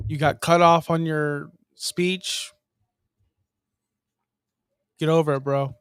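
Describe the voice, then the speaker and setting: A man's voice: fairly high pitch, steady tone, slow pace, fairly bright tone, clean tone, dry recording, studio quality. A man co-hosting a casual wrestling podcast over a video call, blunt and dismissive in his opinions. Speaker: podcast co-host.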